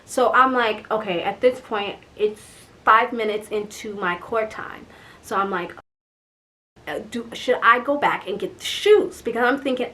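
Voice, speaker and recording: Young woman, storytime vlog, casual, exasperated, lots of filler words, slightly high voice. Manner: animated, exasperated, swears and says "like" often. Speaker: vlogger telling a story.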